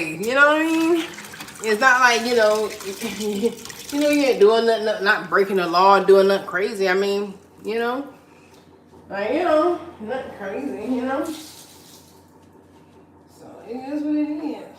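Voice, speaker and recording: A woman's voice: a little high, animated, moderate pace, a bit bright, slight background noise. Chatty encouraging woman in echoey room. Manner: chatty, encouraging, repeats phrases. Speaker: live-stream host. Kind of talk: casual chat reading viewer comments. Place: at home while cleaning.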